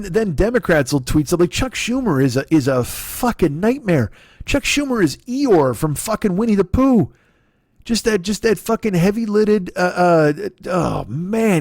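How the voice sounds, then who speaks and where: Profane, ranting man with a lively voice. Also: sits high, gravelly, no echo, studio quality. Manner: angry, profane, sarcastic ranting. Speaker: comedian and podcast host. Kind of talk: profane comic rant.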